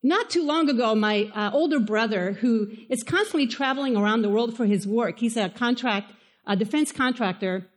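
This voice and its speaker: Woman pastor with a Spanish accent, high voice, chatty and lively sermon delivery. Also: normal speed. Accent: Spanish-accented English. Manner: conversational and animated, asks the listeners questions.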